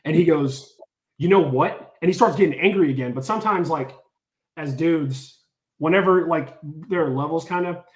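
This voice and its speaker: A man casually telling a story, animated and full of filler words, acting out what people said. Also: fairly high pitch, moderate pace, reverberant. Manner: animated, lots of "like", acts out quotes. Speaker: storyteller on a podcast.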